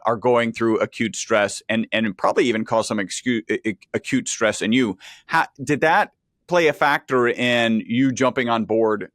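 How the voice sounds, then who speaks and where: A male podcast host asking questions in a joking, conversational way, with halting restarts. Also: medium pitch, a bit bright, dry recording, studio quality. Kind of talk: interview questions.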